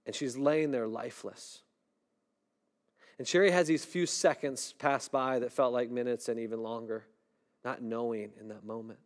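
A middle-aged man preaching a sermon in a conversational way, often asking "right?" and dropping his voice low and soft when a story turns tense. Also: steady tone, normal speed. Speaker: pastor.

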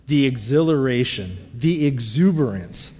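A man's voice: medium pitch, expressive, unhurried, mellow. A man telling a personal story in a sermon, casual and chatty, full of asides and fillers. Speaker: pastor. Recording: reverberant hall.

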